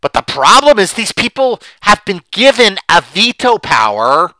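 A man talking in a rambling monologue, repeating words and rising loud and high when indignant. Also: sing-song, moderate pace, dry recording. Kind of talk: casual monologue.

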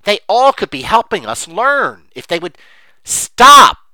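Animated, bright-voiced middle-aged man. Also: sits high, normal speed, no echo. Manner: animated, emphatic, rambling with many fillers. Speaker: investing commentator. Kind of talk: unscripted monologue.

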